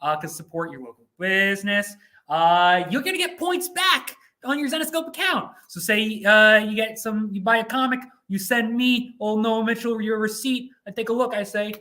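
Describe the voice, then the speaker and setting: A goofy, hyped-up young man co-hosting a casual livestream from an office studio. His voice sits high for a man and has a bright, forward edge. He jokes and riffs into a laptop mic. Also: normal speed. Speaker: co-host.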